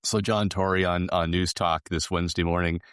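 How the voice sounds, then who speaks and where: A former party leader chatting on a panel in a self-mocking way, laughing along. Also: male voice, low-pitched, little pitch movement, a little fast, a bit bright, clean tone, no echo, studio quality. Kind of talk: casual panel chat.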